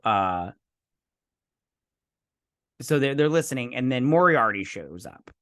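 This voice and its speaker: Male vlog host, mid-pitched, hesitant self-deprecating recapper, dry recording. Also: fairly bright tone, dry recording. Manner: rambling, hesitant, lots of fillers and restarts. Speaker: show host reviewing a TV episode. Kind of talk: casual episode recap.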